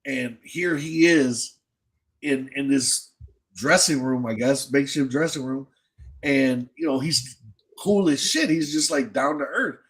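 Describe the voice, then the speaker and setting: A man's voice: mid-range voice, a little slow, a bit bright, rough recording. A man hosting a podcast and telling a long, casual story in slangy, profane speech, with many restarts. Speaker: podcast host.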